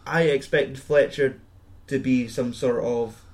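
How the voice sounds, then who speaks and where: This podcast co-host is a young man whose mid-range voice is steady and darkish, and he speaks slowly. His casual talk about a film wanders and is full of swearing, broken up by frequent laughter.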